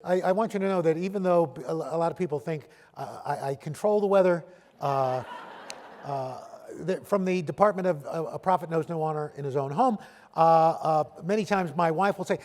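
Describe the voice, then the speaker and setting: A man gives an unscripted talk to a conference audience. His fairly high voice stumbles through restarts and self-deprecating jokes. It rings out with the long reverb of a large hall. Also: normal speed, a little mellow, slight background noise. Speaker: keynote speaker at a panel event. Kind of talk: conference speech, off-the-cuff.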